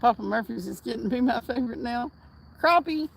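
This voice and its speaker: A woman's voice: on the high side, lively intonation, a little fast, gravelly, breathy edge, low-quality recording. A woman hosting a casual fishing livestream outdoors at night, chatting and reading viewer comments aloud with frequent laughs. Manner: chatty, reads chat aloud, laughs often.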